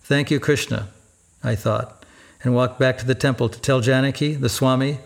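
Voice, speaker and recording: A man narrating a first-person memoir in a steady, even storytelling manner. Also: mid-range voice, normal speed, creaky.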